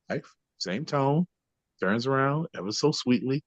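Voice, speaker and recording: A man's voice: mid-range voice, lively intonation, a little slow, no room sound. A man speaking as a podcast guest and trainer, explaining ideas conversationally and checking in with the listener often. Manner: keeps adding "right?" to check in. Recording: dull lo-fi, dry.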